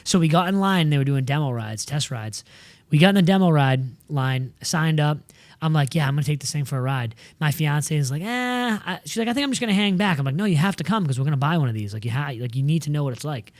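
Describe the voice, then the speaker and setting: A man from New England co-hosting an off-road show, telling a story in a lively, casual way, swearing freely and acting out the other people in it. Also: fairly high pitch, quick pace, no echo. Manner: animated, swears freely, acts out quoted voices. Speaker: co-host.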